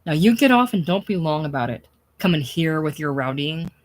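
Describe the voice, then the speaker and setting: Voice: medium pitch, lively intonation, brisk, lightly acted. A reader voicing a stout old male factory owner who snaps orders indignantly. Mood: snapping. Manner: snapping, indignant. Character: sharp-voiced stout old male employer.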